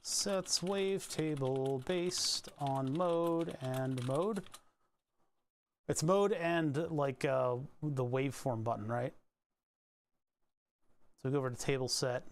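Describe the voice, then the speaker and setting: A man's voice: medium pitch, takes it slowly, long pauses. A man from Pennsylvania hosting a casual live stream, thinking aloud as he works through code, rambling with restarts and asides. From Pennsylvania, USA.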